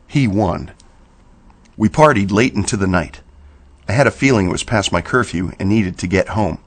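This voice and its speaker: Low-voiced man narrating a horror story. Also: normal speed, a bit bright.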